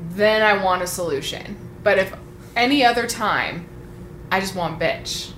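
A woman's voice: medium pitch, a little slow, a bit bright. A woman in casual chat, talking freely with swearing and acting out quoted lines. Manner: chatty, swearing, acts out quotes. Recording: echoey room, faint noise.

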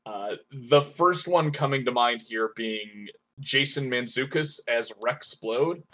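Guy on a podcast picking apart a cartoon's voice cast, steady, lots of uhs. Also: mid-range voice. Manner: measured, analytical, frequent "uh" and "like". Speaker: podcast co-host reviewing a show. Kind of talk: casual review chat.

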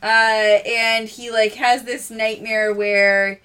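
A woman's voice: on the high side, little pitch movement, slow, sharp tone, clear, resonant tone, far from the mic. A woman co-hosting a podcast, bluntly recapping a film with swearing and jokes. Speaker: podcast co-host. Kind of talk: casual chat recapping a film.

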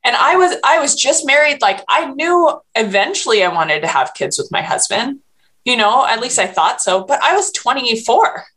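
A woman's voice: fairly high pitch, sing-song, moderate pace, a bit bright. A woman in her thirties telling a personal story in a candid, rambling way, with many restarts and fillers, as a podcast host. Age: 30s.

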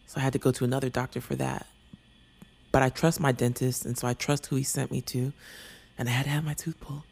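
A man talks through a personal story in an earnest, rambling, confessional way. His voice sits in a middle register with a noticeable gravelly fry. Now and then he sinks to a soft near-whisper. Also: medium pitch, flat delivery, quick pace.

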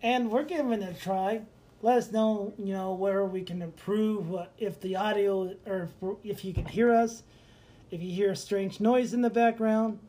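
A man's voice: sits high, normal speed, a little hiss or hum. A man co-hosting a podcast in casual chat, telling stories with lots of animation and laughter. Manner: animated storyteller, laughs often. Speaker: podcast co-host.

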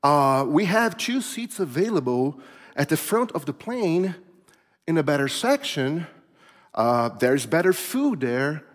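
A man's voice: a little high, sing-song, measured pace. A man doing a put-on British accent as a polite, concerned female flight attendant. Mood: courteous. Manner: courteous, soft-spoken, formal. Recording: long reverb of a large hall.

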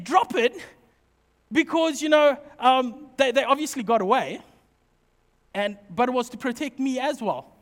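High-voiced joking preacher in a reverberant hall. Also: male voice. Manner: humorous, animated storytelling. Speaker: pastor. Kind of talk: sermon with personal stories.

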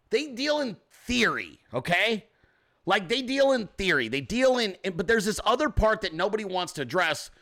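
A man's voice: high-pitched, bright, forceful tone. A man hosting a podcast, talking in a casual, profane, joking way and often mimicking other people. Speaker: podcast host. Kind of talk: casual political commentary.

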